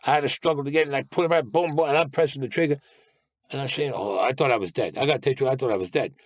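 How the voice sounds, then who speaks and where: A guest speaks very fast in a mid-range voice, telling blunt, profane stories about his past crimes and acting out the other people's lines. The interview has clean studio sound with no room sound.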